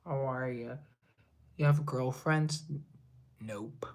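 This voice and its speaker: A man's voice: on the high side, measured pace. A young man from Colombia chatting casually on a live stream, reading viewer comments and rambling in a self-deprecating way. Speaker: livestreamer and musician.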